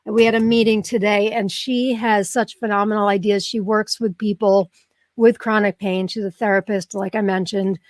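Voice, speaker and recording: A woman's voice: mid-range voice, flat delivery, normal speed, dry recording, studio quality. A middle-aged woman hosting a live online show, chatting casually and emotionally with her viewers. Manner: warm, effusive, emotional, chatty with many ums. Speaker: livestream show host. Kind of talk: casual live broadcast chat.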